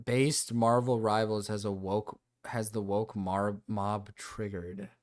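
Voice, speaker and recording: A man's voice: lowish voice, little pitch movement, slow pace. Laughing man reacting on stream. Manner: laughs often, swears, repeats himself. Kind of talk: casual reaction commentary.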